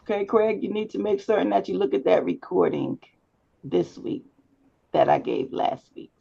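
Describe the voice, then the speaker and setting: A woman's voice: medium pitch, normal speed, vocal fry, mellow. A woman instructor giving a live online lecture, firm and instructive as she addresses her students directly. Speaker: public speaking instructor. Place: video class call. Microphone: computer mic on a video call. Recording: slightly dull video call audio.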